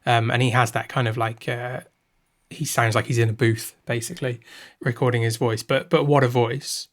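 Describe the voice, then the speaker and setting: Man, podcast co-host, casual film chat, thinks aloud, middle pitch. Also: level tone, moderate pace.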